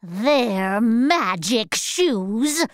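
A woman's voice: a little high, animated, no room sound, clean studio sound. A woman voicing a cruel, gloating wicked witch in a storybook reading, drawing out threats and breaking into shrieks. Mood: menacing. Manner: drawn-out menacing lines breaking into shrieks.

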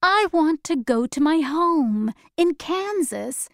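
Woman doing a sweet curious little girl, pitched up high, talking slow. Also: expressive, dry recording, studio quality, full character voice. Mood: earnest. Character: young girl, kind and curious.

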